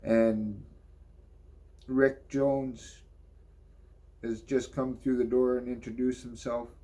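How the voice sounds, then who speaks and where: Male narrator, easygoing and slow, reads comics with loose commentary. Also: medium pitch, little pitch movement, dark tone. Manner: slow, offhand, swears and ad-libs. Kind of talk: casual comic reading with commentary.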